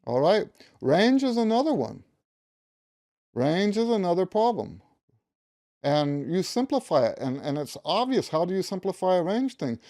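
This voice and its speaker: Emphatic mellow-voiced male music teacher. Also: high voice, very animated, moderate pace. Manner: emphatic, repeats key words, hums note syllables. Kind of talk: instructional talk to camera.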